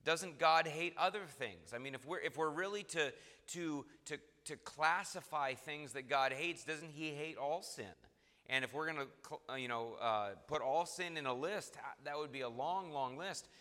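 A man preaching a midweek sermon in a church, earnest and emphatic, reading scripture slowly. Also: fairly high pitch, pushed and bright. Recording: reverberant hall.

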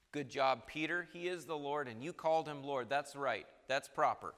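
A man preaching a sermon, emphatic and building to forceful peaks. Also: a little high, moderate pace, hardly any pauses, long reverb tail.

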